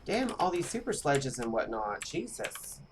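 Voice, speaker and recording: A streamer giving live gameplay commentary in a chatty way, speaking straight to viewers and reacting with animated outbursts. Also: mid-range voice, moderate pace, noisy background. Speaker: game streamer.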